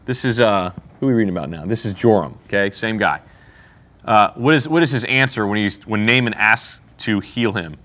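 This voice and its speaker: Bright, punchy male Bible teacher; casual and slangy, keeps asking the class questions. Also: on the low side, lively intonation, a little fast. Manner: casual, paraphrases scripture in slang.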